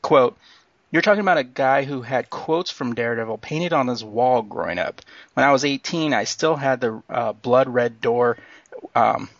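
A man with a gravelly, fry-edged voice co-hosts a podcast, reading news with plenty of "um"s and laughs. He sounds giddy. The recording is dry and somewhat muffled. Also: mid-range voice, normal speed, no room sound. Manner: excited, laughs often, reads news with fillers. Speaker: podcast co-host. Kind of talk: casual news chat.

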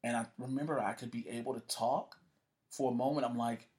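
A man's voice: medium pitch, quick pace. A man telling a story in a casual conversation as a guest, cursing freely and acting out the voices of the people he quotes. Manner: profane, animated, acts out quoted voices.

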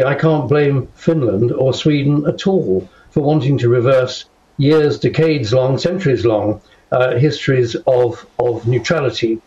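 A man's voice: mid-range voice, darkish tone, highs cut off. An older man, a guest in a studio interview, speaking firmly and measuredly and stressing key words. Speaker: guest commentator.

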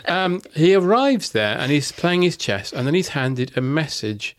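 A man hosting a podcast, telling a true story in casual chat with wry, deadpan asides. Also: on the high side, a little slow.

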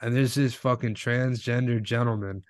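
Casual male co-host, rambling delivery, middle pitch, dry dead room. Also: fairly even intonation, moderate pace, dry recording. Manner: rambling, heavy use of filler words. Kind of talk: casual chat.

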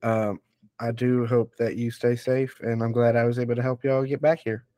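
A man's voice: medium pitch, level tone, normal speed, mellow, dry recording, studio quality. A man player speaking in character in a bumbling, hesitant comic way. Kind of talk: in-character role-play.

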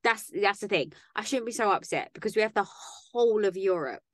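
A woman's voice: mid-range voice, lively intonation, fairly quick, no room sound, clean studio sound. A woman co-hosting a podcast in casual chat, sarcastic and chatty, tripping over words now and then. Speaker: podcast co-host.

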